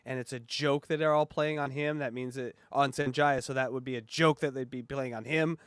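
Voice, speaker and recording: A man hosting a podcast, commenting on an old radio clip in a rambling, animated way, with swearing. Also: medium pitch, fairly quick, smooth, no echo, studio quality. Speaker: podcast host. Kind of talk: casual commentary.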